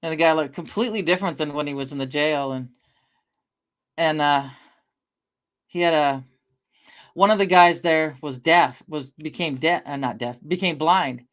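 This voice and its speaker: A woman's voice: sits low, moderate pace, pauses often. A middle-aged woman from the Northwest drifts from one anecdote to the next as she talks to her stream. She swears offhandedly and breaks off to answer viewers. Her tone is loose and conversational. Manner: rambling storyteller, swears casually, talks to chat. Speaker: livestreamer. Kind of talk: casual livestream chat.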